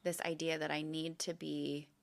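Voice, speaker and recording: A woman with a very low voice and a strong gravelly fry talks thoughtfully and openly as a guest. Her tone stays unhurried and sincere. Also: flat delivery. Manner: reflective, candid. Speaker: podcast guest, educator. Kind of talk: casual conversation.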